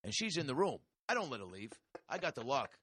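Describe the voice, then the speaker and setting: A man's voice: medium pitch, big pitch swings, quick pace, fairly bright tone, husky, dry recording, studio quality, pitched above the performer's own voice. A man putting on a brash, crude, blustering interrupter for a comedy podcast bit, rambling and profane. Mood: crude bragging. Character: brash crude male interrupter, pushy and loud.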